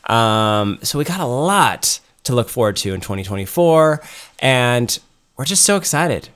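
A man's voice: mid-range voice, sing-song, measured pace, a bit bright, clear, resonant tone. A man co-hosting a podcast in casual chat, rambling with lots of ums and restarts. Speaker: podcast co-host.

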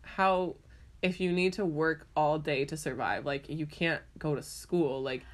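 A woman's voice: low voice, unhurried. A young woman talking casually, rambling with many "like"s and "um"s and sounding sincere and frustrated. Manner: rambling, lots of "like" and "um"; sincere, frustrated about unfairness. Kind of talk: casual chat.

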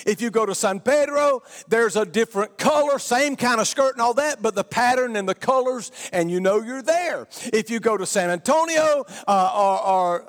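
A middle-aged man with a Southern Georgia accent preaching a sermon emphatically, his voice rising to shouts on key points. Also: very high-pitched. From Georgia, USA. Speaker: pastor. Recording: long reverb of a large hall.

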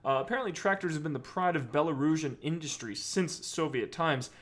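A man's voice: fairly high pitch, brisk, fairly bright tone. A man co-hosting a podcast, chatting in a rambling, crude, joking way with lots of fillers and laughs. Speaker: podcast co-host. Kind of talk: casual podcast banter.

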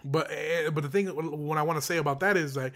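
Young man, podcast host, slangy and profane, fired-up rambling rant, slightly high voice. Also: fairly quick, fairly bright tone. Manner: profane, slangy, heated and rambling with many fillers. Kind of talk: casual opinion rant.

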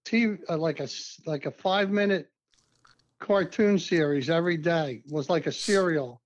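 High-voiced, laughing podcast guest. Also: male voice, dull audio. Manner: halting, laughing often. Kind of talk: casual chat.

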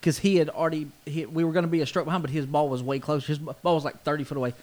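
A man co-hosting a podcast in casual chat, relaxed and easygoing. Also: on the high side, very fast. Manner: relaxed, short agreeing replies. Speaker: podcast co-host.

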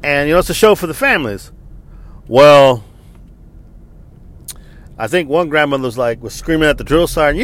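A man in his forties with a slightly high voice tells a story as a casual rant. He is animated, profane and exasperated, and his pitch swings widely as he vents. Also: normal speed, long pauses. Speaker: army veteran parent.

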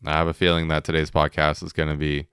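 A man's voice: a bass voice, completely flat delivery, fast talker, a bit bright, clean tone, no room sound, clean studio sound. A young man hosting his own podcast in a loose, joking solo chat, swearing and laughing as he goes. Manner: laid-back, joking, swearing, laughing often. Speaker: podcast host.

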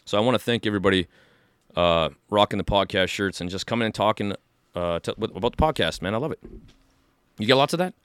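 Speaking fast in a lowish, slightly bright, smooth voice, this podcast co-host chats casually and with enthusiasm in a studio, rambling and full of fillers and restarts. No room sound is audible.

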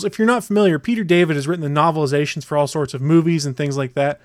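A man with a slightly high voice hosts a casual podcast, rattling off details with eager enthusiasm. The recording is close and dry. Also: dry recording. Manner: enthusiastic, fast rundowns. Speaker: podcast host. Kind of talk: casual chat.

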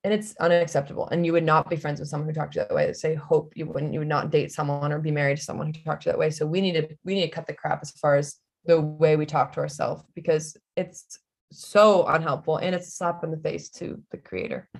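A woman's voice: low-pitched, steady tone, fast, gravelly. A woman guest on a podcast, talking frankly and earnestly in casual chat.

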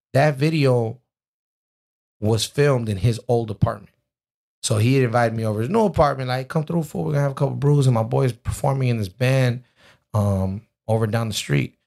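A man, a rapper, telling a profane, animated story about his career in casual conversation. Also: mid-range voice, normal speed, creaky, pauses often. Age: adult with a twenty-year-old stepdaughter. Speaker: rapper guest.

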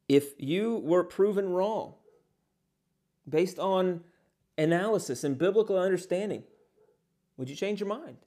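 A man teaching as a pastor in an earnest sermon, pausing often on fillers and posing many rhetorical questions. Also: high voice, warm tone.

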